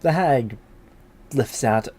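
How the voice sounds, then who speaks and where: A man narrating a tabletop game as game master, in a relaxed, unhurried way. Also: mid-range voice, slight background noise.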